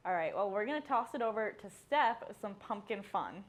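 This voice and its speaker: A woman's voice: mid-range voice, expressive, normal speed. Young woman, co-host, casual chat, playful, teasing. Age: young adult. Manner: playful, laughs along, teasing.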